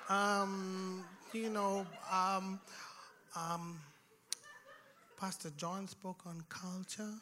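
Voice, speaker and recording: A man's voice: high-pitched, little pitch movement, drawn-out words, long pauses, noisy background. A man preaching a sermon in a church, in a conversational way with laughing asides, rising to emphatic exhortation. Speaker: pastor.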